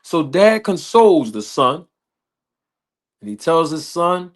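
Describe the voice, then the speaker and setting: A man tells a story at a slow, deliberate pace, his voice sitting a little high. He builds it step by step, repeating phrases. The delivery is unhurried and conversational. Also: very animated. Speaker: podcast host.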